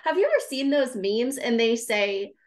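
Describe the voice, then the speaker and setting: An earnest woman with a fairly high voice, talking live to her viewers. She repeats key words for emphasis and stops mid-thought to greet viewers. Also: big pitch swings, moderate pace. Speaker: grief recovery specialist. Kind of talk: live-streamed talk to viewers.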